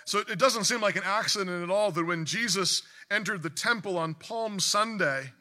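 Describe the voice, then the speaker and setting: A man delivers a sermon with a very bright, ringing tone. His voice sits high for a man, and he preaches earnestly, surging into emphatic bursts and often restarting mid-sentence. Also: normal speed.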